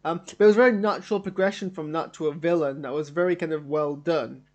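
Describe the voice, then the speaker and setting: A man's voice: on the high side, fast talker, darkish tone, dull audio. A man streaming a live show reaction from his home studio, rambling and enthusiastic as he talks it through.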